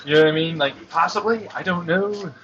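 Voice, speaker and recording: A man's voice: on the high side, brisk, a crowd in the background. A young man arguing animatedly with his parents over dinner, pleading and restarting his sentences. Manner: animated, pleading, with many restarts and mock-quotes. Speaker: son talking with his parents. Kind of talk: casual family argument. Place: busy restaurant. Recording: muffled recording in a loud crowded restaurant.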